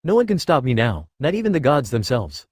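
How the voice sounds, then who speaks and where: A man's voice: medium pitch, very animated, fairly quick, slightly rough, dry recording, studio quality. A man reading the lines of a smug, cruel young male villain in a menacing way.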